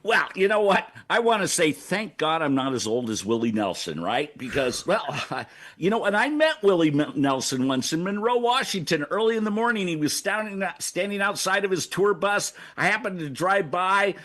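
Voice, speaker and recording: Older man ranting comically, high and animated. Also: moderate pace. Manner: stammering, acts out scenes in shouted voices. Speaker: segment host. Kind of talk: comic rant. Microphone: video call.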